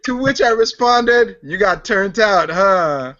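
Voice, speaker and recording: A man co-hosting a podcast, telling an anecdote in a relaxed way and laughing often. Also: high-pitched, slow, highs cut off, noisy background. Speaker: podcast co-host. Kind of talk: casual storytelling.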